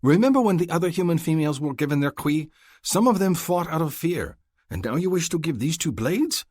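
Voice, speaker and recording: Man doing a hot-headed alien hunter, stubborn, raised husky voice, audiobook. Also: on the high side, expressive, brisk, a little mellow, no echo, clean studio sound, pitched above the performer's own voice. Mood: protesting. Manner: stubborn and protective. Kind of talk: audiobook character voice.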